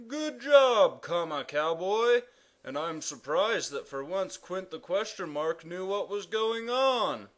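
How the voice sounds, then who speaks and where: A man voicing a pompous, loud male king who proclaims grammar rules in an animated cartoon. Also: slow, exaggerated voice. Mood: commanding. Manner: booming proclamations.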